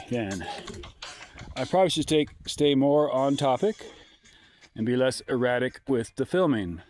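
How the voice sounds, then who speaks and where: Out of breath and holding a phone camera, a man with a lowish, darkish voice vlogs alone at a forest campsite. His talk rambles, wanders off on tangents and stays jokey.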